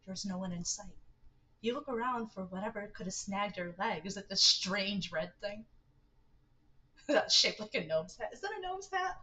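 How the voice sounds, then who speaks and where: A woman's voice: medium pitch, lively intonation, moderate pace, sharp tone, low-quality recording. A young woman livestreaming a dating game, reading its text aloud with giggly, chatty asides. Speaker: streamer.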